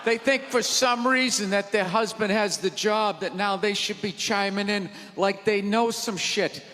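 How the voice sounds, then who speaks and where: Loud, profane, ranting stand-up comic. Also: male voice, high-pitched, a little slow. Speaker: stand-up comedian. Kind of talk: stand-up comedy rant. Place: large theater. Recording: live theater reverb, crowd noise.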